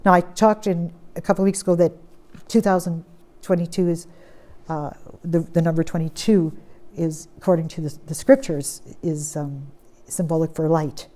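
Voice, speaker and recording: A woman preaching a sermon, reading scripture aloud and pressing points with strong stress that drops to quiet, steady lines. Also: fairly low pitch, normal speed. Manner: emphatic, swings from loud stress to quiet.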